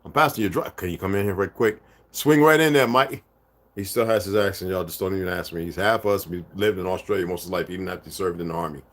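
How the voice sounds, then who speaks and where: A man's voice: low-pitched, steady tone, rapid-fire, hardly any pauses, a little hiss or hum. A man reading from books aloud and breaking off into rambling casual asides to his listeners. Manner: rambling asides between read passages. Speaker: channel host reading aloud.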